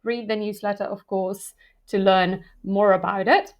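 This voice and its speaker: A woman hosting an explainer video, talking in a lively, conversational way with frequent fillers and light self-aware asides. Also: medium pitch, a little slow, dull audio. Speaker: product marketing video host. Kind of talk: explainer video talk to camera.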